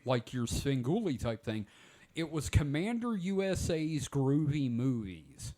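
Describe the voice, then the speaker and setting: A man's voice: mid-range voice, very animated, unhurried, a crowd in the background. A man in his forties hosting a podcast, telling rambling stories in casual chat. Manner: rambling storyteller, many "like" fillers. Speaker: podcast host.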